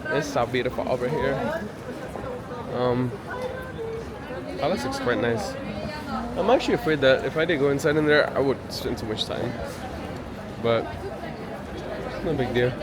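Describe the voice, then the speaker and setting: A man rambles through a casual travel vlog, joking at his own expense in a mid-pitched voice. He walks outdoors with a handheld camera, and a lively crowd chatters around him. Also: a little slow, long pauses. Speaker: travel vlogger. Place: outdoors at a busy palace grounds. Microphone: handheld camera while walking.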